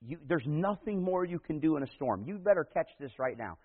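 Husky-voiced man preaching a sermon. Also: on the high side, expressive, brisk, long reverb tail. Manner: preaching, rising to loud emphatic peaks. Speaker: pastor. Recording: tinny phone-like sound.

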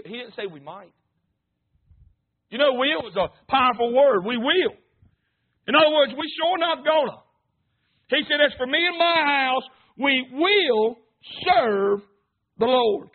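A man preaching a sermon, swinging between fervent shouts and low murmurs. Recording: tinny, phone-like sound.

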